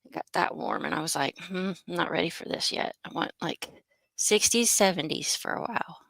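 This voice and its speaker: A woman from Texas co-hosting a casual morning livestream, relaxed and quick to laugh. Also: lowish voice, gravelly, dry recording. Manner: relaxed, laughs easily, short replies. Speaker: livestream co-host.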